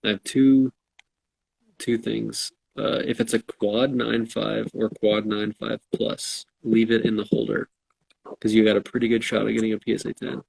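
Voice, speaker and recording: A man's voice: on the low side, level tone, moderate pace, creaky, a little mellow, breathy edge, low-quality recording. A man co-hosting a casual live-stream chat, answering viewer questions in a laid-back, self-deprecating way.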